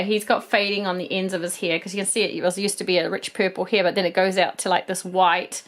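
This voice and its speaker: A woman in her thirties with a New Zealand accent, chatting casually and a bit ramblingly as she shows off toy finds. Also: medium pitch. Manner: chatty, rambling, with frequent ums. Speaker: toy collector vlog host. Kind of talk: casual haul video chat.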